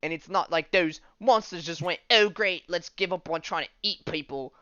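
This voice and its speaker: A man's voice: sits high, normal speed, sharp tone, clear, resonant tone, dry recording, muffled recording, voice pushed up. A man voicing a brash, swearing female monster hunter with mock British slang. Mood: boastful.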